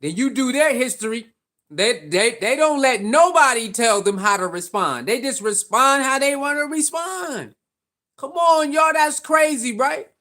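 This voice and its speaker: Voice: high-pitched, expressive, unhurried, pushed and bright. Opinionated sports vlogger asking rhetorical questions. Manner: repetitive, rhetorical questions, casual slang.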